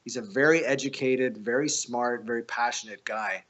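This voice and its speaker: A man at a medium pitch talks loosely and animatedly as a podcast guest. He swears freely, stumbles over restarts and keeps pushing the story forward. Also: moderate pace, a bit bright. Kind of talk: casual storytelling.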